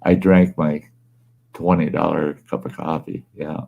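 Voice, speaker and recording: A man's voice: extremely low pitch, little pitch movement, a little slow, vocal fry, phone-quality sound, slight background noise. A man hosting his own storytelling show from home, telling a rambling, folksy tale in a plain-spoken, casual way. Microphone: wearing earbuds.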